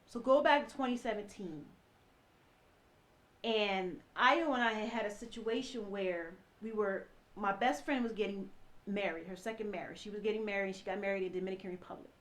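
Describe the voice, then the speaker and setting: A woman in her thirties giving an earnest personal testimony, speaking directly to her listeners and often repeating herself as she recounts events. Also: medium pitch. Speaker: ex-wife telling her story.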